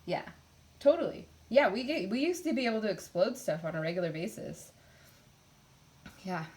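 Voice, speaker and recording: A woman's voice: medium pitch, big pitch swings, normal speed, a little mellow. A woman teaching a college chemistry class in a casual, chatty way, with frequent filler words and laughing asides.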